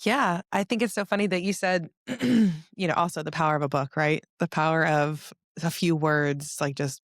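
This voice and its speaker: A woman hosting a podcast, telling a personal story openly and emotionally, with frequent "like" and occasional throat clearing. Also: low-pitched, normal speed, no echo, studio quality. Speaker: podcast host. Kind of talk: heartfelt conversational storytelling.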